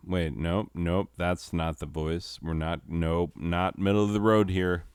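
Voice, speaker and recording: A man's voice: deep voice, unhurried, hardly any pauses, clear, resonant tone, dry recording, clean studio sound. A man hosting a comedy commentary, sarcastic and self-mocking. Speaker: host.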